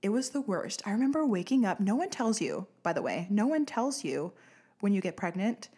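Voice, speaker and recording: A young American woman hosts her own podcast alone, ranting with sarcasm, swearing freely and laughing through it. Her voice sits at an ordinary middle pitch and comes through a close studio mic. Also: sing-song, moderate pace, warm tone, slightly rough. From United States. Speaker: podcast host. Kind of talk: casual solo podcast rant.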